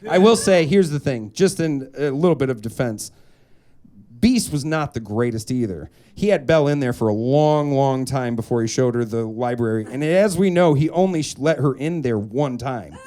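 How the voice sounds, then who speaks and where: A young man doing a stand-up comedy set on a club stage, animated and quick to slip into put-on voices. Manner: animated, jumps into high put-on voices for characters. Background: audience laughter.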